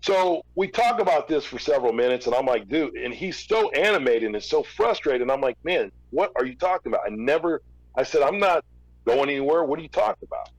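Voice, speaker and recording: A man's voice: mid-range voice, lively intonation, a little fast, dry recording, muffled recording. A middle-aged man, a former record label executive, tells a story as a podcast guest, acting out both sides of each exchange and often restarting his sentences. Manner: recounts events through quoted back-and-forth dialogue; frequent restarts and repeated words. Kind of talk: storytelling in a casual interview.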